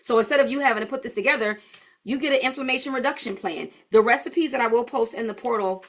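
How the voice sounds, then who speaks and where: Tired woman coach, higher pitch, casual live-class banter. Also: fast talker, fairly bright tone. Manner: chatty and informal, addressing viewers as y'all. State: tired, yawning. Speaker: holistic health coach. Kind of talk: live online class, casual talk to viewers.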